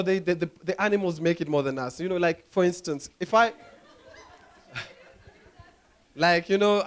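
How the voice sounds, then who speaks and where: A young comedian with a high voice works through a stand-up set. His delivery is animated, and he keeps slipping into silly voices and impressions between punchlines. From Kenya. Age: young adult. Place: comedy club stage.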